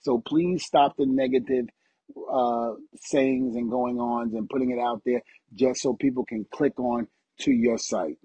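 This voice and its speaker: A man's voice: medium pitch, unhurried, breathy edge, dry recording, rough recording. A middle-aged man, a retired wrestler, chatting as a podcast guest and acting out quotes as he tells stories. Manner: animated storytelling, acts out quotes. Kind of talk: casual interview chat.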